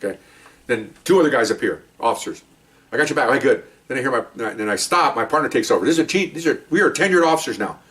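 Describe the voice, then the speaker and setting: Fast-talking older ex-cop storyteller. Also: male voice, mid-range voice, distant mic. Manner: animated, acts out shouted commands. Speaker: retired police officer telling stories. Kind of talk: casual storytelling monologue.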